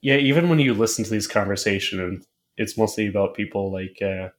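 A man co-hosting a podcast in casual chat, halting and repeating filler words as he thinks aloud. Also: on the low side. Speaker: podcast co-host.

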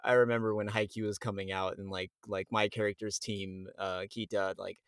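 A young man from Miami chats casually as a guest voice actor on a podcast. He tells stories with energy and slips into quick voices for the people he quotes. His voice sounds dry and close, with no room echo. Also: lowish voice, smooth. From Miami, USA. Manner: animated storyteller, acts out quotes.

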